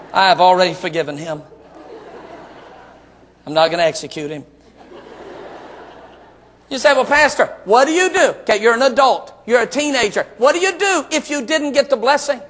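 A middle-aged man preaching a sermon, his voice sitting unusually high for a man. He moves from hushed, personal storytelling to shouted, emphatic exclamations. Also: a little hiss or hum. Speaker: pastor.

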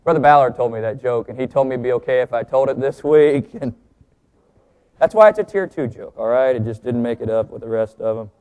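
A man preaching a sermon, joking with the congregation, slowing down and stressing key words as he teaches. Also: clean tone. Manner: lively, joking, pitch swings for emphasis. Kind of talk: sermon with jokes.

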